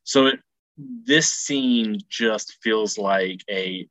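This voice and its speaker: A man co-hosting a film podcast, talking in a measured, hesitant way. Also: fairly low pitch, a bit bright, no echo, rough recording. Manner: measured, hesitant, uses many fillers. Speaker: podcast co-host. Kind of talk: casual film analysis chat.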